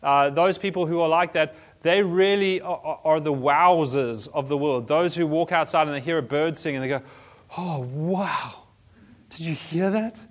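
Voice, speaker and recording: A man's voice: on the high side, moderate pace, few pauses. A man teaching a church group in a conversational style, restarting phrases and adding humorous asides. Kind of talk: informal teaching talk.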